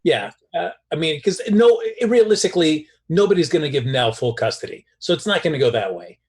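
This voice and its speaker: A man's voice: on the high side, lively intonation, fairly quick. A man chatting as a soap opera recap panelist in a wry, exasperated way. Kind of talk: casual chat.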